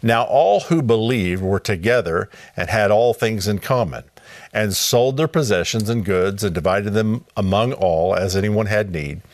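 In a lowish voice on a dry recording, a middle-aged man leads a live Bible study broadcast. He's upbeat and welcoming, reading scripture aloud and repeating contact details slowly.

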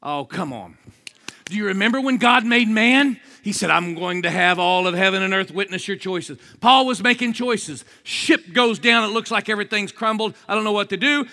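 A man preaching an energetic sermon, joking with the crowd and swinging between low asides and shouted exclamations. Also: moderate pace, gravelly. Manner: jokey, asks the crowd for responses.

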